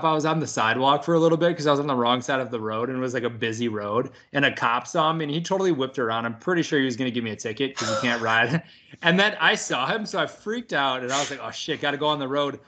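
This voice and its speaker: A young man tells a story in loose podcast chat, cursing freely and laughing along. His voice is bright and pushed forward. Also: medium pitch, fast. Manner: animated, swears often, laughs through the story. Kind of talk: casual storytelling.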